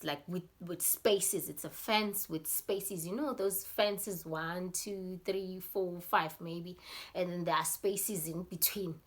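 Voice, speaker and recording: Slow-talking South African woman. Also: lowish voice, a bit bright, a little hiss or hum. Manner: rambling, many fillers, acts out scenes. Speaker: YouTuber. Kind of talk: casual storytelling vlog.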